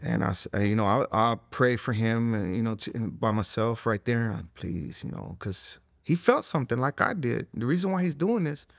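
A middle-aged man telling his testimony in an interview, earnest and conversational, full of "you know" fillers and dropping to a hush at emotional moments. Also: mid-range voice, animated, normal speed, vocal fry, hardly any pauses, dry recording, studio quality. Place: recorded interview in a studio room.

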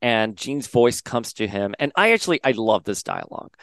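Smooth-voiced man recapping comics. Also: lowish voice, sing-song, fairly bright tone, no room sound. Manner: chatty, reads out character lines in quick paraphrase. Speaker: podcast host. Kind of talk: casual comic book recap.

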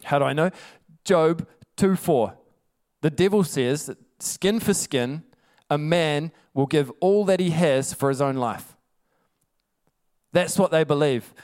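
A man's voice: fairly high pitch, darkish tone. A male preacher giving a sermon, emphatic and conversational, telling stories.

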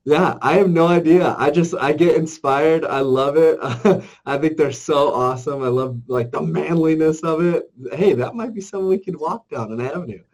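An upbeat, enthusiastic man co-hosts a casual chat. His voice sits a little high for a man, and he repeats his excitement freely. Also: moderate pace, hardly any pauses. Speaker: co-host.

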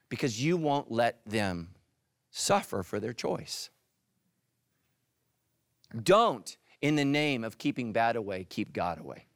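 A middle-aged male pastor preaching a sermon, animated, dropping into soft intense asides. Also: takes it slowly, pauses often, no echo, clean studio sound. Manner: animated, voices quoted characters with jumps in pitch.

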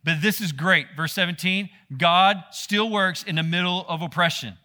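A man preaching a sermon, animated and talking straight to his listeners. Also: high voice, normal speed. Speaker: pastor.

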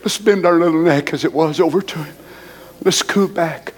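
A man preaching and praying with fervor, swinging between soft murmured prayer and loud high exclamations. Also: moderate pace, husky. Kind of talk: emotional sermon and prayer.

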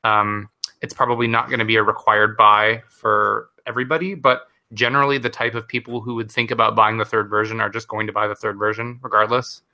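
Give me a young man co-hosting a casual podcast chat. His voice is very bright and forward. He rambles animatedly, laughs often and shoots up high when something excites him. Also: creaky. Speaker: podcast co-host.

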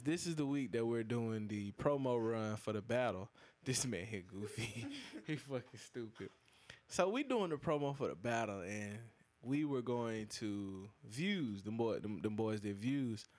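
A young adult man, hosting a podcast and telling a casual, profane story, acting out other people's lines with big jumps in his voice. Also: a little slow. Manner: animated, profane, acts out quoted lines with big pitch jumps. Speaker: podcast host.

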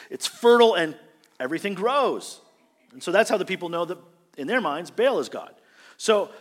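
Male pastor, somewhat high voice, conversational preaching style, echoing hall. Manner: animated, conversational, asks the congregation "right?". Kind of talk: sermon.

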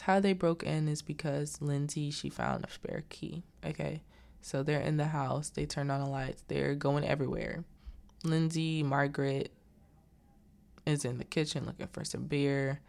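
Female host, low and gravelly, casual movie recap with acted-out lines. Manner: animated, acts out the characters' lines in quick voices; chatty asides and digressions.

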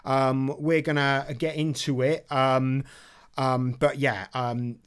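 A man's voice: mid-range voice, little pitch movement, slow, smooth. A man co-hosting a podcast in a chatty, jokey way, laughing often. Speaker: podcast co-host. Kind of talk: casual chat.

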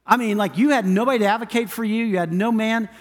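High-voiced preaching pastor, reverberant hall. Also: male voice, fast. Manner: emphatic, repetitive preaching cadence. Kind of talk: sermon. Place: church sanctuary.

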